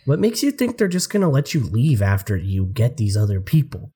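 A man's voice: mid-range voice, wildly swooping pitch, brisk, mellow, slightly rough. A man co-hosting a podcast, swearing freely and exasperated, laughing often as he talks about a movie. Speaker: podcast co-host. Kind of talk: casual movie discussion.

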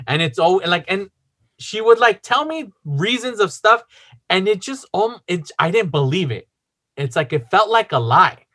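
A man's voice: sits high, animated, moderate pace, pushed and bright. A man casually telling a long personal story, rambling with lots of fillers and swearing.

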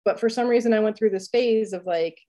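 A woman in her thirties co-hosts a podcast, chatting casually in a medium-pitched, mellow voice at a brisk pace. Her speech is full of fillers, and she laughs often.

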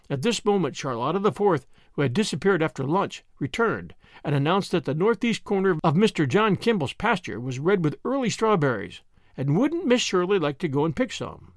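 A man narrating a novel aloud, storytelling in an expressive way. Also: on the high side, moderate pace, dry recording, studio quality. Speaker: audiobook narrator. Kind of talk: scripted narration.

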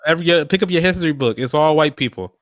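A man's voice: on the high side, racing, no room sound. Laid-back slangy man on a podcast. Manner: relaxed, slangy, laughs often. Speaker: podcast co-host. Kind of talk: casual chat.

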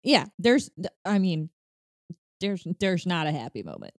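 A woman's voice: lowish voice, huge pitch swings, unhurried, dry recording, studio quality. A woman in casual film discussion, talking candidly and animatedly with frequent fillers and some swearing.

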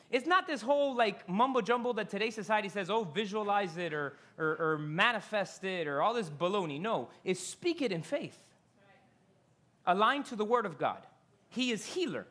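Speaking at a medium pitch, a preacher on a stage delivers a sermon. He tells the story animatedly, filling it with rhetorical questions and casual slang.

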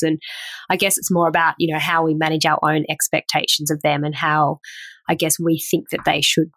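A woman with a fairly low voice hosts an interview and asks thoughtful, open questions. The recording is close and dry. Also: fairly bright tone, no room sound. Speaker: podcast host. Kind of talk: podcast interview.

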